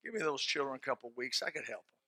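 Bright-voiced, animated male preacher. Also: medium pitch, fast, no room sound. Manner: folksy and animated, bursting into shouts; plain colloquial speech. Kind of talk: sermon with closing prayer.

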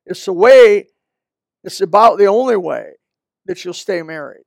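An older pastor preaches in a folksy, conversational way, full of quick asides. His voice sits high for a man and has a gravelly edge. The sound is close and dry. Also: lively intonation, dry recording. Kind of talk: sermon. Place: church.

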